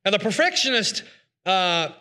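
Folksy, high-voiced man preaching. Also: very animated, normal speed, sharp tone. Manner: conversational, folksy, acts out complainers' voices. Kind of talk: sermon.

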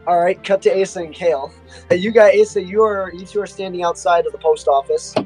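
A man's voice: sits high, quick pace, darkish tone, faint music behind. A young man running a tabletop game as game master, rambling and laughing with his friends. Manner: rambling, full of restarts, laughing.

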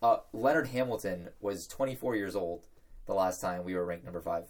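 A man's voice: low voice, fairly even intonation, fairly quick. A young man co-hosting a podcast, playful and laughing often as he tells party stories. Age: young adult. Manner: laughing, playful, mock-grand. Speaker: podcast co-host. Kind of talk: casual chat.

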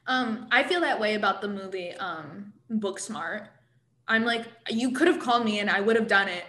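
A woman's voice: medium pitch, normal speed, bright, forceful tone, reverberant. A woman co-hosting a podcast, chatty and self-deprecating. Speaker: podcast co-host. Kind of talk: casual podcast chat.

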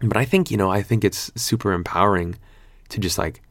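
A man's voice: fairly low pitch, fairly quick, fairly bright tone, no room sound, clean studio sound. A man in his twenties talking in a laid-back, slangy vlog monologue, swearing freely and rambling with lots of fillers. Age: 20s. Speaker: vlogger.

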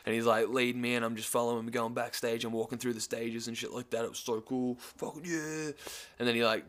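A man's voice: mid-range voice, completely flat delivery, quick pace, fairly bright tone. A young man with an Australian accent tells a rambling festival story in a casual way. He swears constantly and laughs as he goes. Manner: profane, rambling, laughs through his story. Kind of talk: casual anecdote.

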